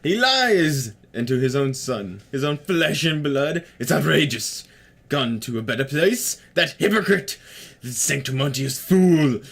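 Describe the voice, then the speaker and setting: A man voicing a bitter, raging man with a grudge in a strained, slow, theatrical way while reading game lines aloud. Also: fairly high pitch, expressive, gravelly, a bit bright, slightly rough, exaggerated voice. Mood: bitter, outraged.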